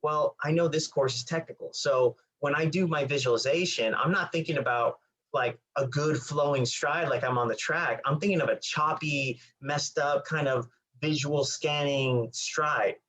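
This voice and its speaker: A man's voice: fairly high pitch, normal speed, a bit bright, low-quality recording. A man co-hosting a running podcast, casually explaining training with many fillers. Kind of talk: casual chat.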